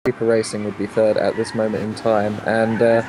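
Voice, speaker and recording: A man's voice: on the low side, level tone, fairly quick, a little mellow, a little hiss or hum, rough recording. A man co-commentating an endurance sim race, hesitant with many fillers, reading out gaps and chat messages. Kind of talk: live sim-racing commentary.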